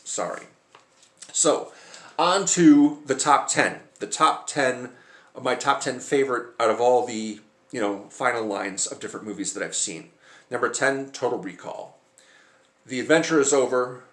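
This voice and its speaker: A man's voice: medium pitch, fairly bright tone. A man chatting casually to camera about movies, rambling and hesitant with lots of filler sounds. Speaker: movie vlogger. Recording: roomy echoey room.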